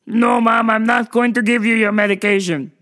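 A woman imitating an odd male customer who speaks slowly, loudly and in stilted, formal sentences. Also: high-pitched, fairly even intonation, pitched above the performer's own voice. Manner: slow, stilted, overly formal.

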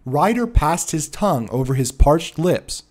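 A man narrating a classic detective story in a measured, expressive reading. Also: fairly high pitch. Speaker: audiobook narrator.

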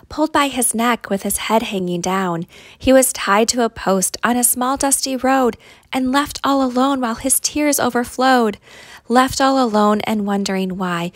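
A woman reading a rhyming picture book aloud for young children, in an expressive, sing-song way. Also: fairly high pitch, no echo, studio quality. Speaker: storytime reader.

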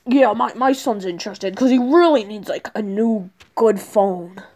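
A woman's voice: medium pitch, unhurried, dark tone, slight background noise, close to an everyday voice. A woman voicing a bossy, lazy male turtle-dragon villain king, drawling and easily annoyed in a homemade toy skit. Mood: grumpy.

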